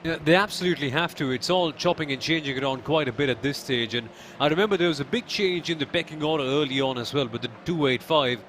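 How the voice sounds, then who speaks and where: An excitable man co-commentates on a live esports race, with a voice that sits a little high for a man. He thinks aloud as he weighs each racing incident, and faint noise hums beneath him. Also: fast, few pauses.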